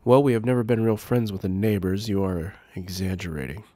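A man reads out a nervous, sharp-tongued young wife from a video game. He lifts his voice a little for her but keeps close to his own. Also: low-pitched, fairly even intonation, fairly quick, dry recording. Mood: worried.

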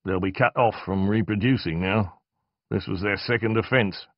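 Brief: a tired, gruff storybook father, low and clipped, read by a man, dull dry sound. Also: moderate pace, no room sound. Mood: curt. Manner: curt and tired. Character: weary, gruff, middle-aged labourer father.

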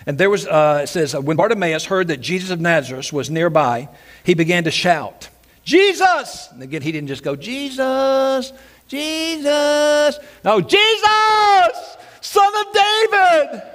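Animated preaching man. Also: a little high. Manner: animated preaching, acts out shouted quotes, repeats phrases. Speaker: pastor. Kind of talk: sermon. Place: church sanctuary.

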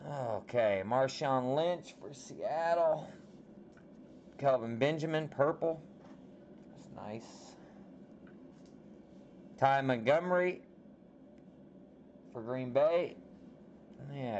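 A man hosting a casual card break, calling out players with slow, drawn-out reactions as he opens packs. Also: mid-range voice, animated, a little mellow. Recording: slightly dull audio with faint background noise.

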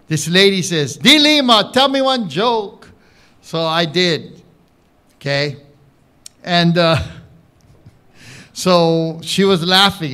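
A man with a Hawaiian Pidgin accent doing live stand-up comedy, telling an animated story with audience banter. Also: on the high side, clean tone. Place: live showroom stage with audience. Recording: echoey room, crowd laughter, background noise.

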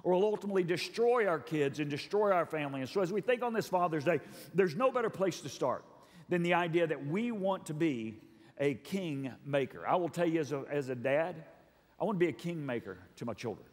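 A man's voice: on the high side, lively intonation, a little fast. A middle-aged male pastor preaching a sermon in a church hall, earnest and emphatic, repeating phrases for effect. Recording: long reverb of a large hall.

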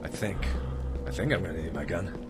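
A man giving horror gaming commentary, talking to the game and yelping and shouting whenever something jumps at him. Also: low-pitched, fairly quick, loud music behind the voice. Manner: jumpy, shouts and yelps at scares, talks to the game. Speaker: let's play gamer.

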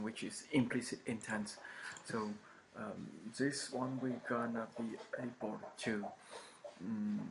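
Halting man with a gravelly flat voice. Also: mid-range voice. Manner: halting, many ums, repeats phrases with frequent okays. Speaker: programming instructor. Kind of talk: screen-recorded coding lecture. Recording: noisy home recording.

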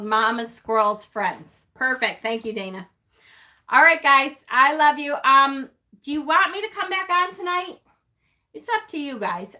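A witchy livestream host from North Carolina chats casually, reading comments aloud, teasing viewers and laughing often. Her voice is high-pitched and sharp in tone.

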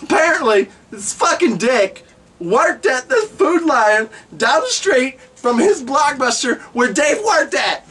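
A man's voice: very high-pitched, slow pace, husky, recorded from a distance. A man vlogging comic stories, cursing freely and acting out the people in them. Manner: profane, animated, acts out the people in his stories. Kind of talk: comic storytelling.

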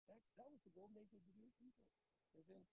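A man teaching a daily Talmud class, animated and talking in quick restarts, repeating phrases as he works through the text. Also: high voice, vocal fry, background noise. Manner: animated, repeats phrases, acts out the text's speakers. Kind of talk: daf yomi Talmud class.

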